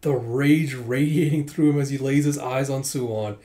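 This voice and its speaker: A man's voice: mid-range voice, steady tone, moderate pace, dark tone. Brief: man, casual read-aloud narrator, conversational, fillers. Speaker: manga reader and narrator.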